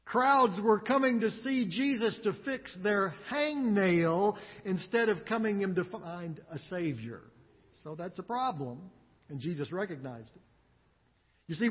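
A man preaching a sermon, earnest and emphatic, with dramatic pauses. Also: high voice, husky, big-room sound, highs cut off. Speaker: pastor.

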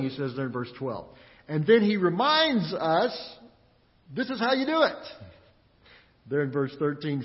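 Animated high-voiced preacher in an echoey hall. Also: male voice, unhurried. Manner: animated preaching with laughs and acted-out inner voices. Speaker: pastor. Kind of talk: sermon. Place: church sanctuary. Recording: echoey church hall, dull lo-fi.

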